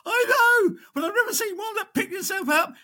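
An older man putting on the falsetto voice of a distraught young wartime barmaid in a story he tells. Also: lively intonation, moderate pace, pushed and bright, exaggerated voice. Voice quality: shrill falsetto. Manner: wailing, distraught.

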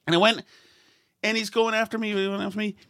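A middle-aged man telling a rambling, self-mocking story in a casual chat, often restarting and acting out angry shouts. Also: high voice, dry recording, clean studio sound. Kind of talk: casual anecdote.

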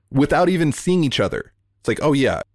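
A man hosting a podcast interview over a remote call, talking in an earnest, heartfelt way and in quick bursts. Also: fairly high pitch, animated, dry recording, studio quality. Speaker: podcast host. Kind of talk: emotional interview conversation.

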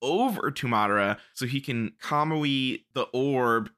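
A man co-hosts a podcast and recaps anime episodes in loose, animated chat. His voice is bright. He swears freely and laughs as he talks. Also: mid-range voice, a little slow, clean tone. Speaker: podcast co-host.

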